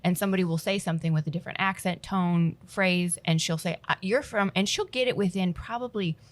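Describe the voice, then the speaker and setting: A woman's voice: lowish voice, fairly quick. A woman co-hosting a podcast, chatting casually with her guest. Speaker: podcast co-host. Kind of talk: casual interview chat.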